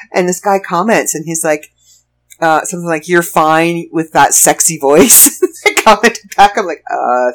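A woman, an author and show host who lives in Florida, telling stories in a chatty, wry and sarcastic way and laughing often. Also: low-pitched. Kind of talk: casual storytelling monologue.

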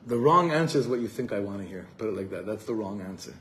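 Speaking quickly and expressively in a lowish, slightly bright voice, a Los Angeles rabbi delivers a heartfelt talk to an evening crowd. He sprinkles in Hebrew terms and repeats words while searching for them, and the recording quality is low.

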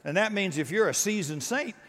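A man preaching a sermon, animated and conversational, acting out voices and joking with the congregation. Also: high voice, a little fast, in a large hall. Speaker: pastor.

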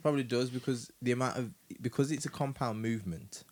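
A man with a medium-pitched voice talks fast as a podcast co-host in a casual chat, explaining fitness in a laid-back way full of fillers. He speaks at ease despite a sore back.

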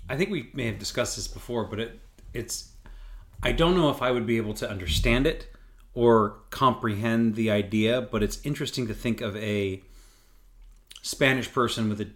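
A man's voice: mid-range voice, normal speed, fairly bright tone. A man co-hosting a podcast, joking and hesitant with many ums in casual chat. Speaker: podcast co-host.

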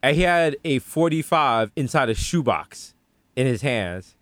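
Animated New man telling stories. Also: a little slow, dry recording. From New York. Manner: animated, swings into high voices when quoting people. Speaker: podcast co-host. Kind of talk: casual storytelling chat.

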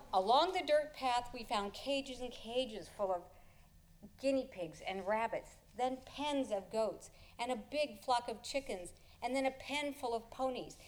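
Brief: woman storyteller, expressive, chuckling, slightly high voice. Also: a little hiss or hum. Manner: expressive, chuckles through the telling. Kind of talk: live personal storytelling.

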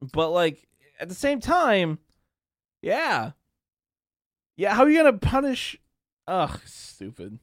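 A man's voice: high-pitched, wildly swooping pitch, slow pace, long pauses, no echo, studio quality. A young man hosting a podcast, ranting casually and crudely, laughing often and acting out quoted people in raised voices. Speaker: podcast host. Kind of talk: casual solo rant.

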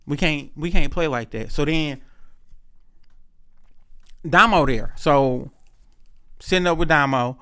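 A man's voice: on the high side, a bit bright, clean tone. A man telling a personal story in a casual, profane, emphatic monologue.

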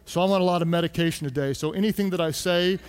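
A man's voice: fairly high pitch, fast, clear, resonant tone. A man preaching a sermon, joking and asking the congregation to answer aloud. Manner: conversational and joking, calls the crowd to answer aloud. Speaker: pastor. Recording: echoey hall.

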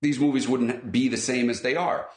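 A man chatting casually as an interview guest, telling animated stories in a chatty way. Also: medium pitch, normal speed. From New Jersey. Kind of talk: casual conversation. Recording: echoey room.

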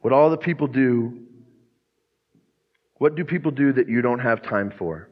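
A man's voice: medium pitch, unhurried. Preaching man in an echoing church. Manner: earnest preaching with dramatized quotes. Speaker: pastor. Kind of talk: sermon. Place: church sanctuary. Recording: muffled sound with long church reverb.

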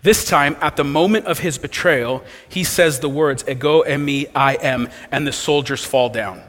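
A man's voice: on the high side, moderate pace, fairly bright tone. Man, pastor, preaching, rhetorical questions, reverberant hall. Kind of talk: sermon.

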